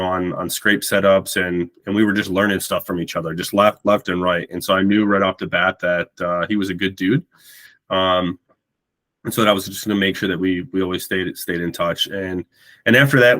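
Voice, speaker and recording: Deep-voiced man telling a story. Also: a bit bright. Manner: rambling, repeats words while recounting. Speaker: podcast guest. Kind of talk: casual storytelling.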